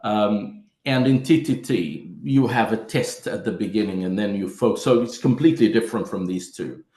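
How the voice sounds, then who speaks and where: A man with a fairly low voice presents teaching methods at an online conference. He walks through each step and calls his listeners friends. His voice rings in an echoey room. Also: moderate pace, a little mellow. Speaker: teacher trainer.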